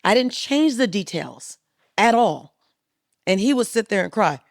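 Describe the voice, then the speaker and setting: A woman speaker on a podcast as a guest, telling stories in an emphatic, rhythmic and animated way. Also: medium pitch, measured pace, dry recording, clean studio sound. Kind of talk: storytelling interview talk. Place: podcast studio.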